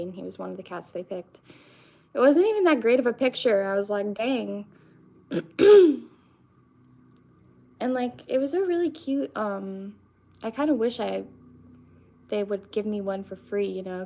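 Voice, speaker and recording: A woman's voice: medium pitch, lively intonation, moderate pace, gravelly, long pauses, dark tone. A young woman, chatting casually with her stream viewers in a rambling way, full of fillers and restarts. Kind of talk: casual live-stream chat.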